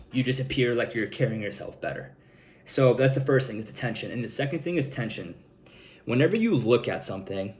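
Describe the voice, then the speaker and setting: A man's voice: medium pitch, darkish tone. A young man talking straight to camera in a loose, rambling way, full of fillers and casual swearing. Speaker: self-improvement vlogger. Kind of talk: casual advice monologue.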